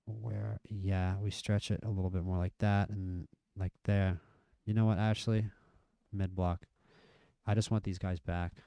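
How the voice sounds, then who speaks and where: A man live-streaming a football management game, chatting through the match and getting excited at near misses and goals. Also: sits low, measured pace, gravelly, clean tone, no echo. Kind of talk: live gameplay commentary.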